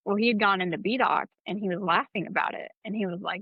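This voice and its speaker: A woman's voice: mid-range voice, fairly even intonation, quick pace, few pauses, no echo. Candid, profane woman telling a story. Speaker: podcast co-host. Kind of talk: casual storytelling chat. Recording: slightly dull, dry sound.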